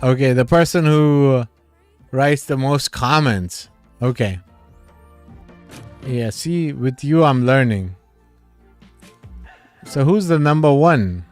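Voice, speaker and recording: Slow-talking man chatting with his livestream viewers. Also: mid-range voice, lively intonation, a little mellow, faint music behind. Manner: chatty, laughs often, reads comments aloud. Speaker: livestream host reading chat. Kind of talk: casual live chat with viewers.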